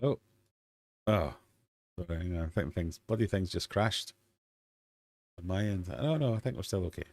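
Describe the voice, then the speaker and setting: Deep-voiced Scottish man hosting a livestream. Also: lively intonation, normal speed, long pauses, darkish tone, no room sound, clean studio sound. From Scotland. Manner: jokey, self-deprecating banter with chat. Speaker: livestream host. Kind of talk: casual livestream chat and quiz. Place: home fish room.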